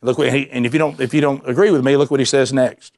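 A man preaching a sermon, animated and emphatic, repeating himself and dropping suddenly to a quiet voice. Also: medium pitch, fast talker. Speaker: pastor.

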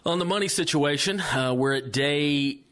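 A man's voice: fairly high pitch, moderate pace, a bit bright. A man co-hosting a podcast in casual chat, telling his own bad luck with a wry laugh. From Los Angeles area. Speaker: podcast co-host.

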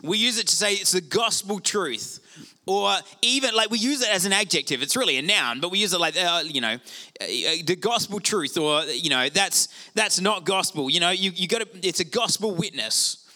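A middle-aged male pastor preaching a sermon in an animated, conversational way with self-deprecating asides. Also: high-pitched, normal speed.

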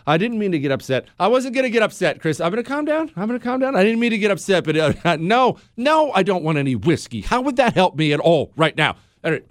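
A man hosting a call-in radio show, indignant and incredulous, swinging from low mutters to loud outbursts into a studio microphone. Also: dry recording. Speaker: radio talk show host. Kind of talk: opinionated call-in talk radio.

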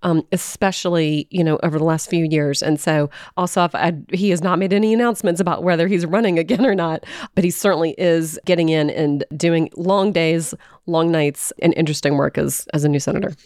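A woman political columnist co-hosting a radio talk show, speaking in a somewhat low voice. She talks in a measured, thoughtful way, and the sound is close and dry. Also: darkish tone, dry recording.

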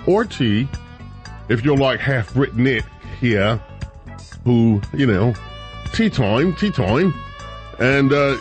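A man hosting a weekend talk radio show, chatting casually and rambling with drawn-out emphasis into a studio microphone. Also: medium pitch.

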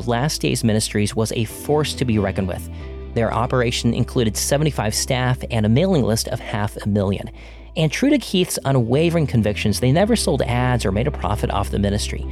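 A man narrates a scripted podcast story in a measured, even-paced delivery. His voice sits at an ordinary middle pitch. A faint music bed plays underneath him.

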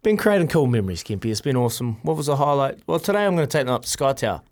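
A man's voice: mid-range voice, big pitch swings, rapid-fire, a little mellow. A middle-aged man with a New Zealand accent, co-hosting a breakfast radio show in casual chat and telling stories while laughing often. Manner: chatty storyteller, laughs often.

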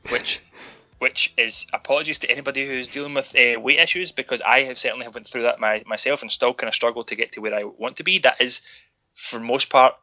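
Sweary, bright-voiced Scottish man ranting. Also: medium pitch, fairly even intonation, fairly quick, faint music behind. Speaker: podcast co-host. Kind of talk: casual film-review chat.

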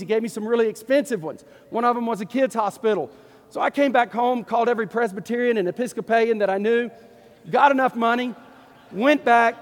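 A middle-aged man, a Baptist pastor from East Texas with a Texan accent, telling a story in a folksy, animated sermon. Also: extremely high pitch. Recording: long hall reverb.

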